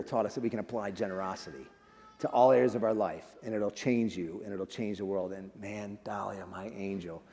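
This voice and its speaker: A man's voice: medium pitch, creaky, darkish tone. A male guest speaker giving an emotional, conversational sermon in a church, often calling the listeners "friends" and "man". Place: church sanctuary. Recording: long reverb of a large hall.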